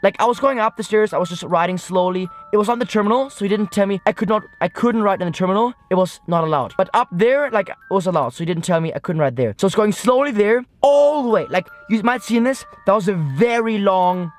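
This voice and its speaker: A young man vlogging from a car at night, rambling through an excited story full of "like" and "guys". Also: sits high, fast talker, few pauses, soft background music. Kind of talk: excited vlog recap to camera.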